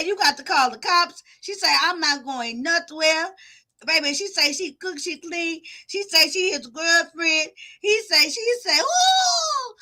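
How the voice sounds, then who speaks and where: A woman with a high, bright voice talks over a clip in loose reaction commentary. She gets loud, animated and profane, and laughs along the way.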